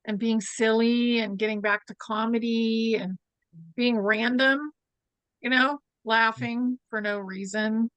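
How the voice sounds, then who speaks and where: A woman in a casual spiritual chat, relaxed and reflective. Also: fairly high pitch, takes it slowly, clean tone, no room sound.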